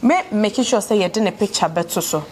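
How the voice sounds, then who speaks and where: A woman's voice: mid-range voice, fairly quick, a crowd in the background. A Ghanaian woman conducting a street interview, prompting with short questions and frequent murmured backchannels.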